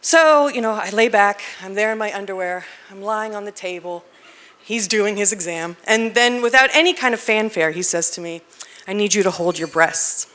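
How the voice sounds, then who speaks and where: A woman telling a personal story on stage, animated and self-deprecating, often laughing as she talks. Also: mid-range voice, normal speed. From United States. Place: stage at a live storytelling event.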